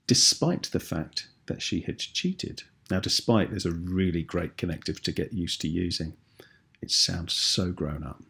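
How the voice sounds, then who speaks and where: A British man teaches a video lesson with a low, gravelly voice. His tone is husky and a little rough. He explains each point patiently and clearly.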